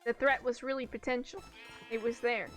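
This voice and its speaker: A woman's voice: fairly high pitch, little pitch movement, moderate pace. A young woman streaming a game, chatting casually, swearing freely and laughing between rambling stories. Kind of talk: casual chat while gaming. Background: faint background music.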